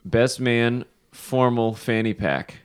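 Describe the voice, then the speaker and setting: A man's voice: medium pitch, slow, clear, resonant tone. Wry man in casual chat. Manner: wry, teasing remarks. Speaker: podcast co-host.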